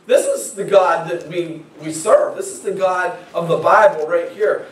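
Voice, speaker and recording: A man's voice: high-pitched, steady tone, normal speed, few pauses. A male pastor preaching a sermon in a conversational way, often repeating words as he starts a phrase. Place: church sanctuary. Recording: echoey church from far off.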